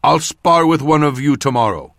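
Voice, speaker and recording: A man's voice: fairly high pitch, lively intonation, moderate pace, vocal fry, a bit bright, no echo, studio quality, voice pushed up. A man voicing a worn-out, good-natured fighter, out of breath and panting, speaking ruefully. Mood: indignant.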